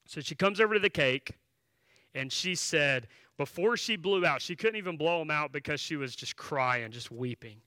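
Bright, forceful male pastor. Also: fairly high pitch, expressive, normal speed, no echo. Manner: conversational, with filler words and restarts while telling a story; emphatic, direct appeals to the congregation. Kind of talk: sermon storytelling.

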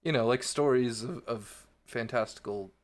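A man's voice: medium pitch, normal speed. A young adult man co-hosting a podcast, chatting casually and teasing his co-host with frequent laughter. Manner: playful, laughs often, teasing. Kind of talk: casual chat.

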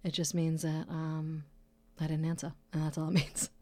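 A woman podcaster from Massachusetts talks in a loose, rambling way, swearing and joking as she goes. Her voice sits fairly low for a woman. The recording is dry and close, with no room sound. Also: flat delivery, moderate pace, mellow, no room sound. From Brockton, Massachusetts, USA. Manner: rambling, profane and jokey. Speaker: podcast host; nurse. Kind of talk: casual solo podcast chat.

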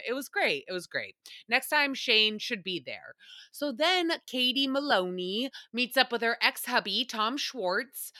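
A young woman hosts her podcast in a loose, chatty recap style, cursing freely and laughing often. Her voice is bright and slightly high. The sound is dry and close, with no room around it. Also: no echo. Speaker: podcast host. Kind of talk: casual TV recap chat.

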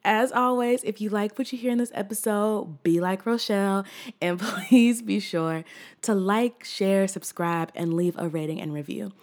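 A woman hosts her own podcast from a corner of her room, her voice sitting at an ordinary middle pitch. She talks in a heartfelt, expressive way, dropping casual slang and laughing easily. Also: normal speed. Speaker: podcast host. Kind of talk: scripted podcast monologue.

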